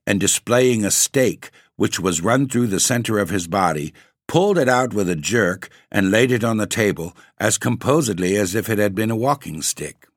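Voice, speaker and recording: A man narrating a classic ghost story in a theatrical, measured reading. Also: lowish voice, lively intonation, no echo, studio quality.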